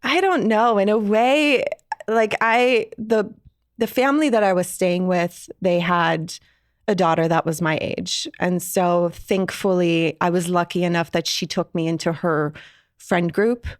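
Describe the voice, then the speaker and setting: Guest, woman from Iran: candid, reflective storyteller, slightly low voice, dry recording. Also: steady tone, unhurried, no room sound. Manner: reflective, frequent "like" fillers. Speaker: podcast guest.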